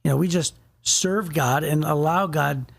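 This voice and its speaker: A man's voice: a little high, measured pace, gravelly. A man co-hosting a casual Bible discussion podcast, telling stories and acting out quotes. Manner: animated storyteller, acts out quotes. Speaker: podcast co-host.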